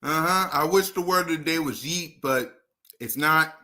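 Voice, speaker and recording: Bright-voiced man hosting a casual stream. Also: fairly high pitch, normal speed. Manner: hypes viewers, shouts out names. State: out of breath. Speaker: host. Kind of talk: casual livestream chat.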